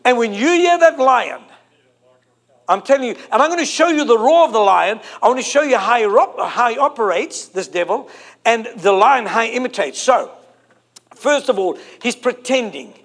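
High-voiced preacher, emphatic. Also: male voice, animated, moderate pace, a bit bright. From South Africa. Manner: emphatic, repeating phrases and drawing out key words. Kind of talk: sermon.

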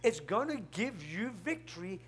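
A male pastor preaching an emphatic, animated sermon, often breaking in with "hello?". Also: high-pitched, moderate pace.

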